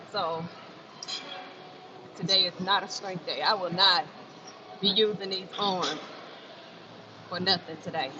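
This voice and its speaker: A woman chatting casually on a livestream from an indoor gym, talking to viewers and repeating phrases for emphasis. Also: mid-range voice. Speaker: fitness livestreamer. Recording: muffled, noisy gym sound. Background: gym ambience.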